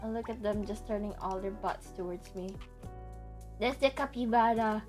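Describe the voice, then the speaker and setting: A woman's voice: mid-range voice, normal speed, darkish tone, faint music behind. A woman streamer chatting casually and rambling, laughing often between stories, with squeals of disgust. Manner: rambling, giggly, lots of laughter and fillers. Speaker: VTuber streamer.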